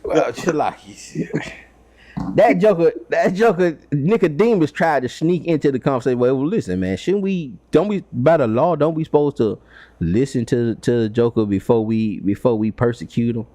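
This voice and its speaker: A man's voice: medium pitch, animated, normal speed, warm tone. A man leading a casual Bible study, talking in a loose, rambling way with many fillers.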